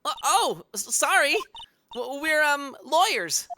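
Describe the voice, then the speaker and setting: A man's voice: very high-pitched, big pitch swings, slow, music in the background, voice pushed up, heavily acted. A man voicing a nervous young male lawyer who stammers. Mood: flustered.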